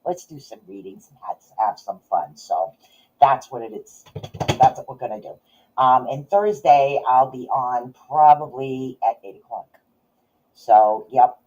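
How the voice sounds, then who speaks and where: A middle-aged woman rambles through a casual livestream, laughing often. Her voice is mellow and a little husky. The audio is dull and lo-fi. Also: rumbling low, expressive, unhurried. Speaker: podcast host and psychic reader.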